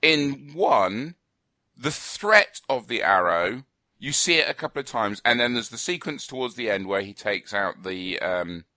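Male radio co-host, opinionated rambler, bright tone, dry close sound. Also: mid-range voice, animated, unhurried, no echo. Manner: opinionated, rambling with fillers and restarts. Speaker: film review co-host. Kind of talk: casual radio chat.

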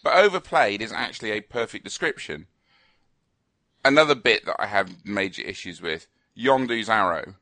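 Opinionated man, bright voice. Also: lowish voice, animated, normal speed, no room sound. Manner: opinionated, rambling with fillers and restarts. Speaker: film review co-host. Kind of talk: casual radio chat.

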